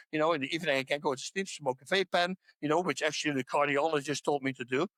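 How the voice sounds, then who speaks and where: An older man in his sixties talks with animated emphasis as a podcast guest. His voice sits fairly high for a man, and the recording is dry and close. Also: fast, hardly any pauses, dry recording. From Netherlands. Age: 60s. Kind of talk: casual chat.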